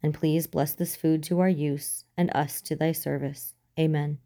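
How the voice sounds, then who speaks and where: A woman's voice: deep voice, steady tone, a little slow, warm tone. A woman voicing a matronly mother saying grace. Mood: solemn.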